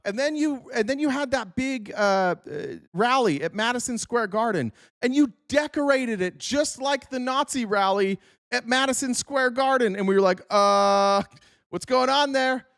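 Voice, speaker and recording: A man's voice: very high-pitched, normal speed, fairly bright tone, dry recording, clean studio sound. A man hosting a political commentary show, talking bluntly and sarcastically with frequent swearing.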